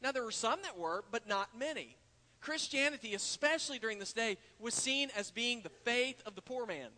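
With an extremely high pitch, lively intonation and a sharp tone, a male pastor preaches at a moderate pace in a church sanctuary. His earnest sermon is full of "uh"s and restarts as it rises to emphatic points, and long hall reverb echoes around him.

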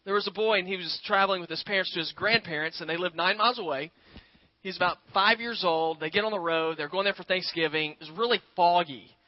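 High-voiced man preaching a conversational sermon. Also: fast talker, no room sound, dull audio. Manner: conversational preaching, addresses listeners as "guys" and "y'all". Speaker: pastor.

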